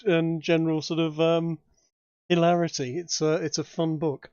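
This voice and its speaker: A man's voice: a little high, steady tone, moderate pace, smooth, no echo, muffled recording. A man running a tabletop game as dungeon master, chatting in a rambling, hesitant way with many restarts. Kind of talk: casual tabletop game chat.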